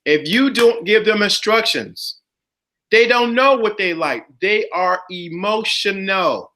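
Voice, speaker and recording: A man's voice: high voice, lively intonation, takes it slowly, pushed and bright. A middle-aged man hosting a casual chat, speaking emphatically and repeating his key points. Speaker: podcast host.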